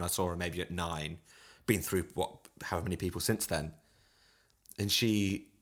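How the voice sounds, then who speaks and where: A man, an audition pianist, telling a funny story in casual chat, laughing often. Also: low-pitched. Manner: animated anecdote telling with frequent laughter.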